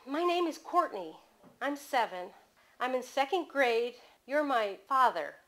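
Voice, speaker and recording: A woman reading aloud voices a shy seven-year-old girl who speaks quietly, as if reciting. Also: high-pitched, big pitch swings, measured pace, exaggerated voice. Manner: quiet, timid, memorized delivery.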